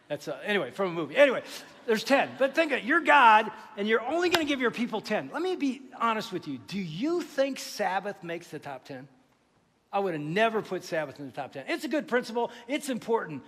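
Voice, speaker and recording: Pastor guy preaching, pretty high voice, jokey, quizzes the crowd, big hall echo. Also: a little fast. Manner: lively, joking, asks the congregation questions. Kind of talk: sermon. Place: church sanctuary.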